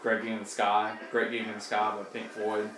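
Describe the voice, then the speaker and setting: A man's voice: fairly low pitch, monotone, fairly quick, noisy background. A young man hosting a casual podcast among friends, giggly and goofy, trailing off and laughing. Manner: giggly, goofy, breaks into silly singing. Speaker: podcast host. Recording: echoey room with music behind.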